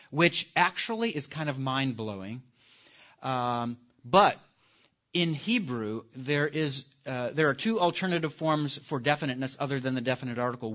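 A man teaching a live class in a lively lecture, putting questions to the audience and stressing key words. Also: a little high. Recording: dull lo-fi recording.

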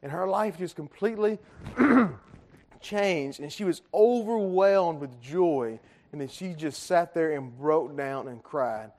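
A man's voice: a little high, expressive, takes it slowly, darkish tone. A man gives a conversational sermon to a congregation, joking and asking them questions. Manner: chatty, joking with the congregation, many fillers. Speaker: pastor. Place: church sanctuary.

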